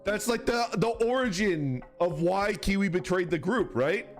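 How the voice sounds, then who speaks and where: A man streaming, chatting casually with viewers, rambling and swearing through animated rants. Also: high voice, moderate pace, faint music behind. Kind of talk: casual chat reacting to viewers.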